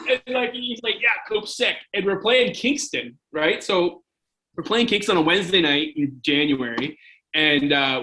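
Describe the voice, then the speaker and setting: Interview guest: man, 40s, from Canada, bright and rambling, fillers everywhere. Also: on the high side, poor audio. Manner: rambling, lots of "like" and "right?". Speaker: podcast guest, former hockey goalie. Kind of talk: casual interview storytelling.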